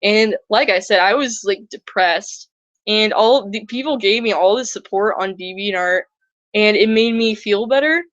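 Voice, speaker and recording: A woman's voice: medium pitch, normal speed, fairly bright tone, dry recording. A woman telling a personal story in a casual, rambling way, filling her sentences with "like". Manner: rambling, heavy use of filler "like". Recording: dull lo-fi dry recording.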